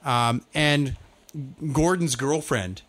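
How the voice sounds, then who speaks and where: A man's voice: mid-range voice, animated, takes it slowly, a bit bright. A man co-hosting a casual chat, ranting about TV shows with lots of profanity and exasperation. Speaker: podcast co-host.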